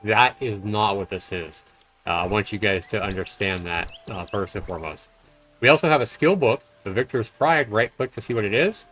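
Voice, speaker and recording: A man's voice: fairly low pitch, normal speed, fairly bright tone, faint music behind. A man doing casual live commentary while playing a game, chatty and loose with fillers. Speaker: game streamer. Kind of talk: live let's-play commentary.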